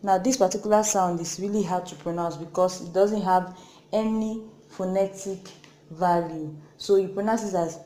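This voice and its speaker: A woman from Nigeria with a Nigerian accent, hosting a lesson and slowly repeating each sound several times. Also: fairly low pitch, fairly even intonation, mellow, reverberant, low-quality recording. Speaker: Korean language teacher, channel host. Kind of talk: slow spoken lesson.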